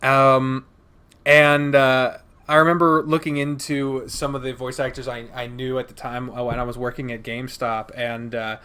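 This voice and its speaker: A man's voice: mid-range voice, flat delivery, moderate pace, pushed and bright, clear, resonant tone. A man chatting casually as a podcast guest, rambling and swearing, laughing often. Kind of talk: casual chat.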